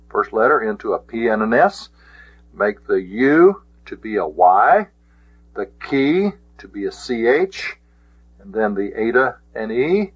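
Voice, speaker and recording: A man teaching a recorded vocabulary lesson, pronouncing each word slowly and repeating it, sometimes correcting himself or hesitating. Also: mid-range voice, breathy edge, dry recording. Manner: slow, careful pronunciation drills, repeating each word; occasional self-corrections and hesitations. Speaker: Greek teacher. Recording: dull, dry lo-fi recording.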